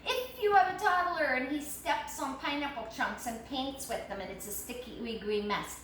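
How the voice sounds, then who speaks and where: Animated woman demoing in an echoey kitchen. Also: high-pitched, normal speed. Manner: animated, emphatic, addresses audience directly. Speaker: product demonstrator. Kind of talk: live cleaning product demo. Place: home kitchen at the sink. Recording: echoey room, distant mic, faint noise.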